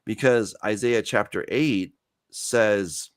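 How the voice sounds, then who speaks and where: Here a man speaks slowly and smoothly in a fairly low register, captured at studio quality with no room sound. He's a Bible teacher and writer explaining scripture conversationally; he tells the stories with energy, acts out quoted lines, and often starts over with fillers.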